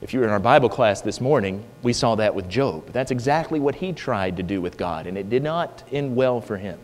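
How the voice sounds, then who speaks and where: A man's voice: fairly low pitch, expressive, brisk. Emphatic male preacher in a reverberant hall. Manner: emphatic, rhetorical questions. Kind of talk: sermon. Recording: long hall reverb with mains hum.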